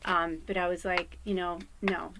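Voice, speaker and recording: A woman with a medium-pitched voice, a psychic medium and card reader, talks to her viewers from home at a moderate pace over a noisy background. Her talk is rambling and candid, with frequent swearing and laughter.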